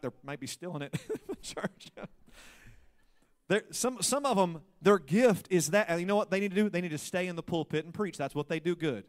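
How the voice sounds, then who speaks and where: A pastor preaching a sermon, swinging between loud emphasis and hushed asides. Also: male voice, a little high.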